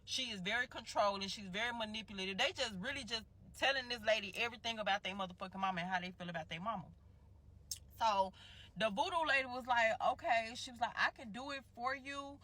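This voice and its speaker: A woman's voice: on the high side, fast talker, pushed and bright. A woman telling a rambling, profane story in a casual way, often correcting herself.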